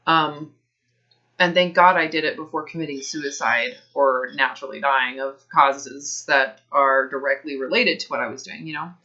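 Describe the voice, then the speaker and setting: Blunt woman health coach, bright dull-toned voice. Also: sits low, steady tone, normal speed. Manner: blunt, direct advice. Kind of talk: coaching call.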